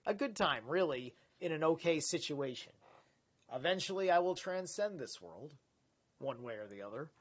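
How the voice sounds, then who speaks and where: A man with a slightly high voice rambles candidly on a live stream, cursing freely and tripping over his own words. The sound is dull and lo-fi, like a cheap home setup. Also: expressive, normal speed, slight background noise. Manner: rambling, candid, swears, many restarts. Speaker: livestream host reading philosophy. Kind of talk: casual live reading and rambling commentary.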